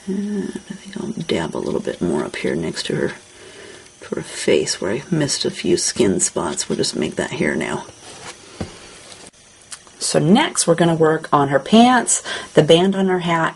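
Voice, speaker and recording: A woman hosting a craft tutorial, calmly narrating each coloring step as she works. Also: deep voice, creaky, a little hiss or hum, low-quality recording.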